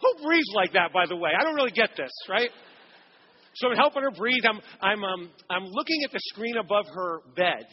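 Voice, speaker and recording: A middle-aged man preaching a sermon, praying and telling a story with animated storytelling and acted-out voices. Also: high-pitched, normal speed, long reverb tail, lo-fi sound. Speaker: pastor. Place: church sanctuary.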